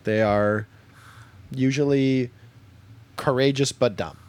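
A man's voice: mid-range voice, fairly even intonation, slow pace, a little mellow, clean tone. A man co-hosting a podcast in casual chat, blunt and jokey, laughing often. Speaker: podcast co-host.

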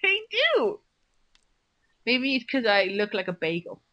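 A woman's voice: mid-range voice, big pitch swings, unhurried, pushed and bright. A woman co-hosting a casual podcast chat at home, teasing and laughing often. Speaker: podcast co-host.

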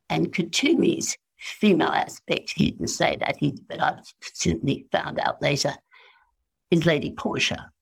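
An Australian woman as an interview guest, telling spiritual stories in a slow, musing way and acting out the voices she quotes. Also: deep voice, lively intonation, creaky, husky.

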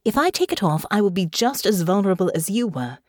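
A woman's voice: animated, no echo, studio quality, natural voice. A woman doing a grim, knowing young noblewoman. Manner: low, slow, soft and grim. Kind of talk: audiobook character voice.

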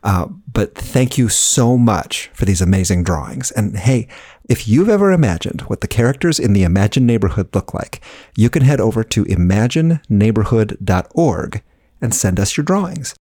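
Scotty, a bubbly host. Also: male voice, lowish voice, very animated, normal speed, dark tone, breathy edge. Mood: chatty. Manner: bubbly, chatty, punny, addresses listeners directly. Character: upbeat young adult male host character Scotty. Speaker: show host. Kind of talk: children's audio drama.

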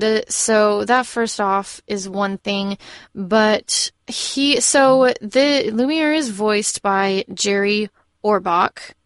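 A young woman co-hosting a casual film discussion podcast, chatty and lively, with frequent restarts. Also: medium pitch, vocal fry, dry recording, studio quality. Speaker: podcast co-host.

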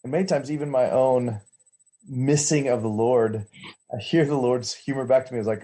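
A man's voice: mid-range voice, fairly even intonation, normal speed, dark tone. A man on a church teaching team reflecting aloud on a video call, often searching for his words. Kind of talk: casual discussion on a video call.

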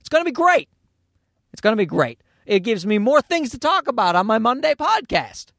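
A man's voice: high-pitched, sing-song, brisk, gravelly, a bit bright, no room sound, studio quality. A man hosting a casual solo podcast, rambling from thought to thought, swearing freely and poking fun at himself. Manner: rambling, profane, self-deprecating. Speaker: podcast host and comedian.

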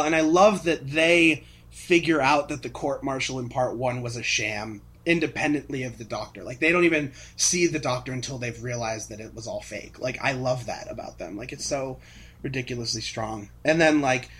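A man co-hosting a casual fan podcast, animated, laughing often as he retells scenes. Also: mid-range voice, a little fast, husky. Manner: animated, laughs often, acts out characters' lines. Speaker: podcast co-host.

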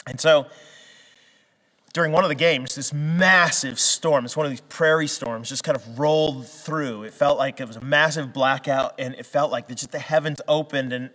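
Preaching in a conversational way, a western Canadian pastor stumbles through restarts and filler words before climbing to emphatic high points. He has a medium-pitched, fairly bright voice, with a long reverb tail in the room.

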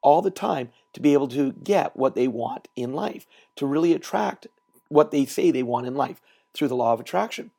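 A man hosting a solo motivational podcast, telling stories in an animated way and repeating words for emphasis. He is recording while traveling. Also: mid-range voice, moderate pace, gravelly, breathy edge. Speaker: podcast host and trainer.

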